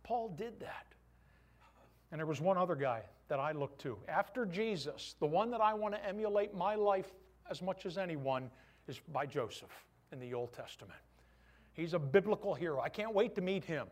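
A middle-aged man preaching a sermon as pastor, with impassioned delivery that swings from loud exhortation to hushed, quiet moments. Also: high voice, expressive, normal speed. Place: church service.

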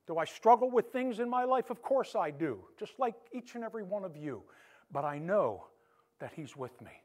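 High-voiced male pastor preaching. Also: normal speed. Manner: animated preaching, swinging between loud emphasis and soft hush. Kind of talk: sermon.

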